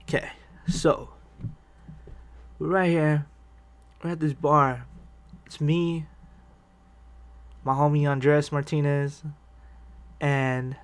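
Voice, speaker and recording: A man's voice: fairly high pitch, flat delivery, takes it slowly, long pauses, a bit bright, smooth. A man telling a rambling personal story on a vlog, swearing freely, restarting sentences and laughing often. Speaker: vlogger telling personal stories. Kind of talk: casual storytelling.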